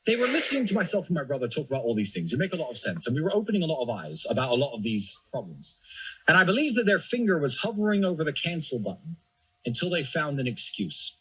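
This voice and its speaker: A man speaks as a guest on a casual podcast, with a husky, slightly high voice. His pitch swings a lot as he tells his side in an emphatic, animated way. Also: fast, highs cut off. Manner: emphatic, animated storytelling with acted quotes. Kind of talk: casual chat.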